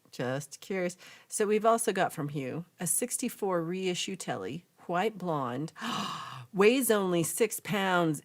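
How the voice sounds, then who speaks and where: A young woman hosting a casual livestream, reading viewer comments aloud and chatting in a lively, reactive way. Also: low voice, gravelly. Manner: chatty, reacts with gasps and laughs, animated. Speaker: livestream host reading chat.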